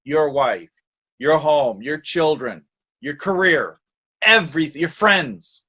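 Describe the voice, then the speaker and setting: A man's voice: fairly high pitch, animated, slow, pushed and bright, slightly rough. A man speaking as an interview guest in a casual, scornful, mocking way.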